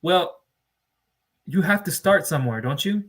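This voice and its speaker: A man's voice: on the high side, animated, fairly bright tone. A man talks straight to his viewers about business funding in an emphatic, lecturing way. He leans hard on key words and stretches them out to drive the point home. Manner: emphatic, lecturing, drawn-out stresses. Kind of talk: direct-to-camera advice monologue.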